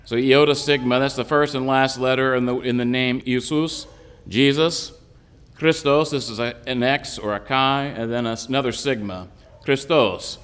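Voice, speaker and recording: A man's voice: mid-range voice, fairly even intonation, moderate pace, a bit bright, clear, resonant tone, in a large hall. A man who is an Orthodox priest, giving a patient, explanatory sermon on a psalm with frequent restarts.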